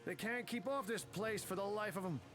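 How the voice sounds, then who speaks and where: High-ish british sailor dude voiced by a guy, shipwrecked merchant, moaning about his luck, game character. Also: fairly quick, music in the background, lightly acted. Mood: rueful. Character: stranded male merchant sailor, grumbling.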